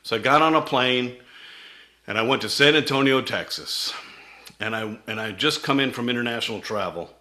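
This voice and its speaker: A man's voice: mid-range voice, moderate pace, pushed and bright. A middle-aged man, a company CEO, telling his founding story in a vivid presentation that acts out quoted dialogue.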